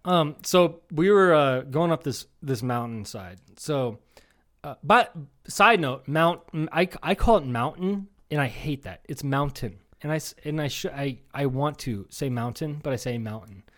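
A man's voice: a little high, lively intonation, normal speed, a bit bright. A man in his thirties from Iowa, co-hosting a comedy podcast and telling rambling, profane stories in casual chat. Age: 30s. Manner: rambling storyteller, swears a lot, mimics people. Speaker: podcast co-host.

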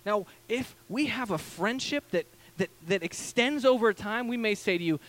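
A man, a pastor in his thirties, preaching a casual storytelling sermon from a church stage, animated and full of fillers. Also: high-pitched, moderate pace, hardly any pauses. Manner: animated, acts out quoted voices, many fillers.

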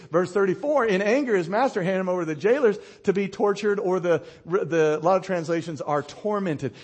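A middle-aged man preaches in a high, bright-pitched voice. He moves through his sermon with animated emphasis, stopping to ask his listeners questions. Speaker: pastor.

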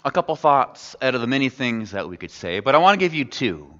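A male pastor delivers a sermon in a conversational way, putting questions to his listeners. His voice is bright and forceful, and it rings out with a long reverb from a large hall. The recording sounds slightly muffled. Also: medium pitch, sing-song, fairly quick. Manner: conversational, asks the congregation questions. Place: church sanctuary.

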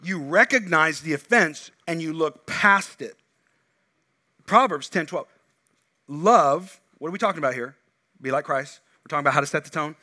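A middle-aged pastor preaches from the pulpit in a bright voice pitched a touch higher than most, speaking at normal speed. He is animated, swinging from loud, emphatic bursts to quiet, low asides.

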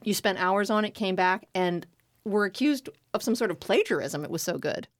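A woman's voice: medium pitch, expressive, normal speed, no echo. Woman podcast host, jokey and playful, dry close studio sound. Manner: playful, joke-telling. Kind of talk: casual interview chat.

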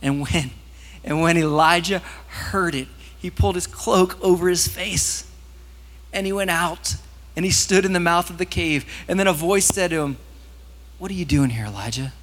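A man preaches a sermon, talking to his congregation in a casual, animated way. His voice sits a bit high and climbs loud at the peaks. A long reverb from a large hall trails each phrase. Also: normal speed. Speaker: pastor.

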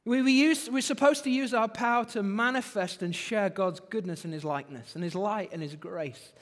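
A man preaching a sermon, animated, with phrases repeated for emphasis. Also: sits high, moderate pace. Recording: long hall reverb.

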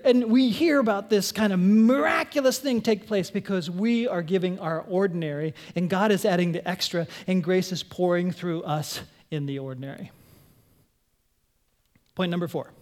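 A woman pastor preaching a conversational sermon, animated, asking her congregation questions and acting out voices. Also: moderate pace. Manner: animated, acts out quoted voices in a higher pitch.

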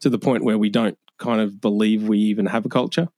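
A man's voice: on the low side, fairly even intonation, a little fast, warm tone, dry recording, clean studio sound. An Australian man guesting on a podcast, talking in a wry way with frequent laughs. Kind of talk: casual podcast banter.

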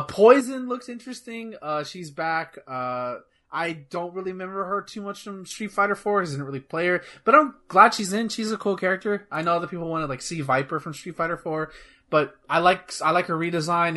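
A man chatting casually about gaming news on a podcast, rambling and excitable, swearing freely. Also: on the high side. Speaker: podcast co-host.

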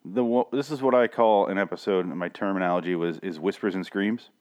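A man with a lowish voice co-hosting a podcast. He talks in blunt, profane casual chat and acts out scenes with animated retellings. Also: fairly quick, highs cut off. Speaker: podcast co-host.

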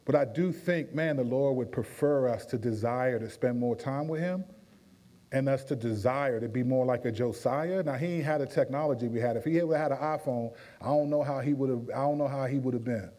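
A man, a pastor, teaching in a conversational Q&A with lively energy and frequent restarts. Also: medium pitch, brisk. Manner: animated, with frequent restarts and playful voices.

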